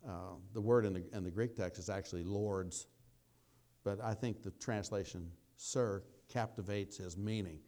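A man preaching a sermon, telling a story in a folksy way, dropping to quiet asides and rising to loud exclamations. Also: on the low side, steady tone, moderate pace.

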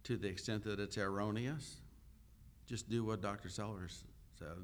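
Male pastor, lower voice, unhurried conversational sermon with many pauses. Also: fairly even intonation, slight background noise. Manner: unhurried teaching with frequent "uh" pauses; conversational, asks the listeners questions.

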